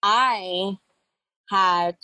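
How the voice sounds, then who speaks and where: A woman's voice: medium pitch, very slow, pushed and bright, no echo, low-quality recording. Candid young woman retelling a hard story. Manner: candid, reflective, with frequent fillers. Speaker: interview guest. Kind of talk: personal storytelling interview.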